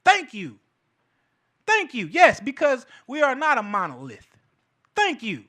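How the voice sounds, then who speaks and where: Male host, casual profane commentary, high bright voice. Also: measured pace. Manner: animated and profane, laughs between points. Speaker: show host. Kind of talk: casual cultural commentary monologue.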